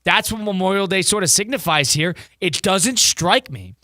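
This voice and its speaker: A Northeast US man co-hosts a sports radio show from a studio, his high voice at normal speed on a dry, studio-quality mic. Energetic, talkative, and jokey, he chats and reads a live ad.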